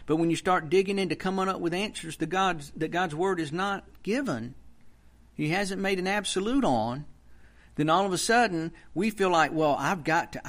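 A man preaching a sermon with a voice pitched a little high. He speaks earnestly, and his emphasis swells into strong, rising bursts. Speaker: pastor.

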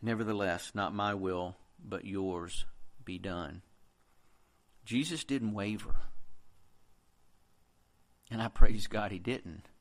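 A man preaching a sermon in an earnest, conversational way, quoting scripture as he goes. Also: fairly low pitch.

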